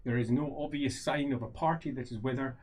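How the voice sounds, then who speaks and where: A man's voice: medium pitch, fairly even intonation, a little fast, darkish tone, a little hiss or hum. A man narrating as game master for a tabletop role-playing game, describing scenes with fillers.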